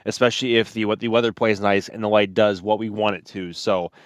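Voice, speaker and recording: A man's voice: fairly low pitch, fairly even intonation, fairly quick, no echo. Dry-sounding enthusiastic male co-host. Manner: enthusiastic, stumbling restarts. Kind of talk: casual livestream commentary.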